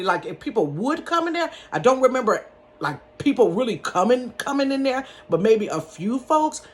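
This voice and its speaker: A woman telling a personal story in a casual, animated, folksy way, calling her listeners honey and y'all. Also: mid-range voice, a little hiss or hum. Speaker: storyteller, channel host. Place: bedroom.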